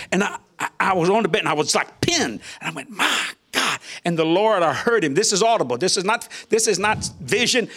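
Older guy preaching his story on an interview show, high voice jumping all over, keeps chuckling and doing the voices. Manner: animated, chuckling often, acts out quoted voices. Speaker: minister guest.

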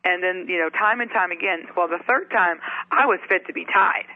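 A middle-aged woman tells personal stories as an interview guest, animated and lively. Her voice sounds thin and tinny, like a phone line. The sound is dry, with no room echo. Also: lowish voice, brisk. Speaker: author and guest. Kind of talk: interview storytelling.

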